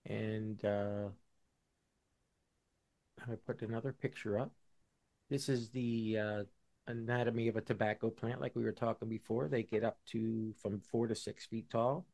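A man's voice: on the low side, steady tone, measured pace, creaky, pauses often, a little mellow. Man co-hosting a casual podcast. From Buffalo, New York. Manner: explanatory, many fillers and restarts. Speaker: podcast co-host. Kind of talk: casual chat.

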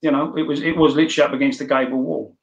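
A man's voice: medium pitch, steady tone, racing, gravelly, reverberant, highs cut off. A man in his sixties with a London accent, telling rambling, anecdotal stories as an interview guest. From London, England. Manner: rambling, anecdotal, many restarts. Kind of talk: casual storytelling.

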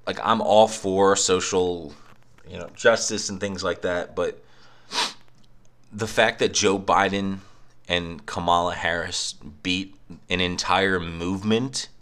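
A man's voice: low-pitched, fairly even intonation, slow, fairly bright tone, smooth. A young man on a cheap microphone at home in his apartment, ranting casually with a profane, sarcastic edge. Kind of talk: casual rant.

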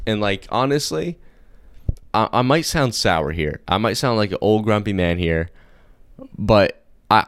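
A man's voice: low-pitched, clean tone, dry recording. A young man hosting a podcast, chatting casually and rambling with lots of slang and fillers. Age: young adult. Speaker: podcast host. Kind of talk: casual solo podcast chat.

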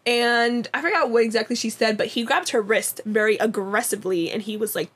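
A young woman with a slightly high voice, chatting as a podcast co-host. She retells a TV episode in a loose, casual way, peppered with "like" and quick quoted lines. Her tone is easygoing and conversational. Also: a bit bright, husky. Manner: chatty, lots of "like" and quoted dialogue. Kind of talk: casual chat recapping a TV episode.

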